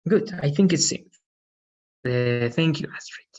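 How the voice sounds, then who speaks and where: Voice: medium pitch, a little slow, darkish tone, highs cut off. An English teacher running an online lesson, patiently correcting students' pronunciation. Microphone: video call.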